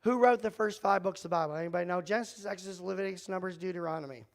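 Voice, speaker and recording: A man's voice: high-pitched, very fast, creaky, dry recording, poor audio. A middle-aged man leading a church youth group, joking and teasing the kids as he teaches, speaking into a mic. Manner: joking, self-deprecating, talks to the kids in the room. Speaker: youth pastor. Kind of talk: casual youth group talk. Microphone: handheld or headset mic.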